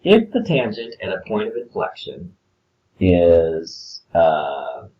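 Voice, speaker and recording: A man's voice: deep voice, wildly swooping pitch, takes it slowly, warm tone, highs cut off. A man talking through a math worksheet in a casual screencast lesson, explaining step by step with filler words. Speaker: math teacher.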